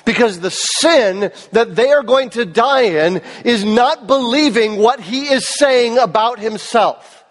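Pastor, man, high voice with cracks in it, earnest sermon, long hall reverb. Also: expressive, takes it slowly. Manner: earnest, emphatic, asks the congregation questions. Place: church service hall.

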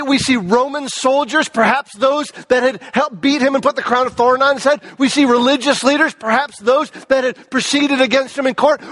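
A man preaching a sermon with a high-pitched voice. He sounds animated, dropping to hushed lows and climbing to raised, emphatic peaks. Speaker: pastor.

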